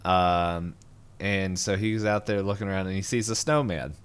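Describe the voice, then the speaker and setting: A man co-hosting a podcast, casually retelling a cartoon episode in a rambling way and acting out quick lines. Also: low voice, clear, resonant tone. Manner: rambling, animated retelling with quick voiced quotes. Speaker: podcast co-host. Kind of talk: casual recap chat.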